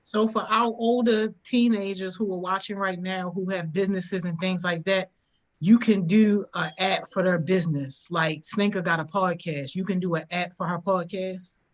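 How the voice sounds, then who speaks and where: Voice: medium pitch, steady tone, normal speed, highs cut off. A youth mentor hosting a live online session, chatting casually and directly, asking questions and encouraging the guest. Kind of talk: casual live-stream chat.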